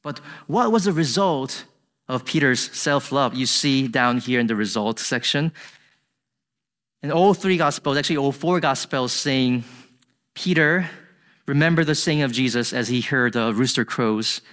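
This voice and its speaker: Preaching to a congregation with long hall reverb around him, a man delivers an earnest, emphatic sermon in slightly non-native phrasing. His mid-range voice is animated and fairly bright, unhurried, and it rises in intensity on quotes.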